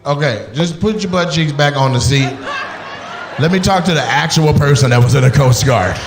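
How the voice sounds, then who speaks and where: A man doing crowd work on stage, loud and animated, acting out voices as he riffs with the audience. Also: fairly high pitch, moderate pace, background noise. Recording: echoey venue with loud ambience.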